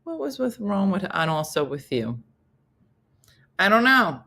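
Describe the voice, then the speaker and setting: A woman's voice: medium pitch, sing-song, unhurried, pushed and bright. A middle-aged woman hosting a casual comedy morning show, telling stories and acting out quotes in a sing-song voice. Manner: chatty storyteller who acts out quotes in sing-song voices.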